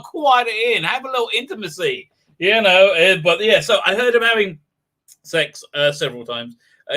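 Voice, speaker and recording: A man's voice: sits high, sharp tone. A middle-aged man hosting a livestream, rambling in a comic monologue with frequent giggles and fillers. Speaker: livestream host.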